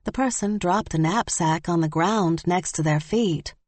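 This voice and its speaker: A woman narrating a first-person audiobook in measured, lightly wry storytelling. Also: lowish voice, a little mellow, no echo.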